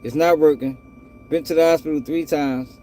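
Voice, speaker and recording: A man's voice: on the high side, fairly even intonation, moderate pace, mellow, slight background noise. A man giving blunt, profane casual commentary on a news story, calling his viewers y'all and speaking. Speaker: commentator reacting to news clips.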